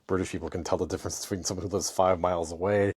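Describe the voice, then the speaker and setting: Brief: American male podcast co-host, very low voice, reads listener questions and gives long, chatty answers. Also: steady tone, racing, a little mellow, husky. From United States. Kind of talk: casual chat.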